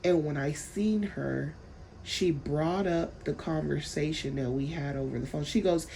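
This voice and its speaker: Low raspy-voiced woman ranting about her day, blunt and rambly, dark tone. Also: unhurried, a little hiss or hum. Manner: blunt, frank, swears casually; rambling, repeats words while telling a story. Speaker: vlogger. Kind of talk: casual storytime venting.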